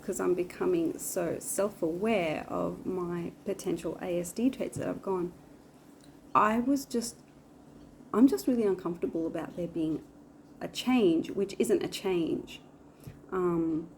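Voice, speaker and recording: A woman's voice: fairly low pitch, dark tone, slight background noise. A woman in her forties chatting casually to camera in a rambling way, with lots of fillers. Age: 40s. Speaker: vlogger. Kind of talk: casual chat.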